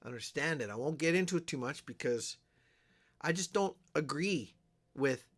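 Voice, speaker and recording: A man's voice: on the high side, animated, normal speed. An older man from Alberta, Canada, hosting a casual livestream, rambling and chatting with viewers and answering their comments. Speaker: livestream host. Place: small town home.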